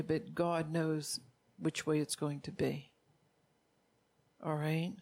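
A woman's voice: on the low side, darkish tone. Woman preaching, exhorting and quoting scripture. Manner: repeats phrases for emphasis, reads scripture aloud; direct, exhorting the listeners. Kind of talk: sermon.

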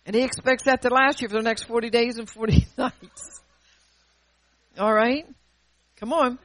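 A woman preaching to her congregation, her voice jumping from forceful bursts to near-whispered lines. She throws in quick call-and-response asides between scripture readings. The recording is dry and close, with no room echo. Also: on the high side. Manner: animated, swings between loud and hushed. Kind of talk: sermon.

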